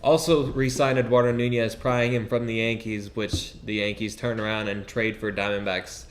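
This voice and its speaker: A young man with a fairly low voice co-hosts a casual sports podcast. He talks quickly and excitedly, and often trails off mid-sentence. A faint hiss sits under the recording. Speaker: podcast co-host.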